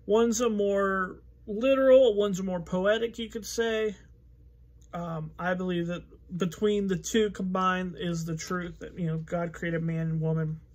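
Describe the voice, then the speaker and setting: Male pastor, high-pitched, relaxed conversational Bible teaching with frequent fillers. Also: unhurried. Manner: conversational, thinking aloud with fillers.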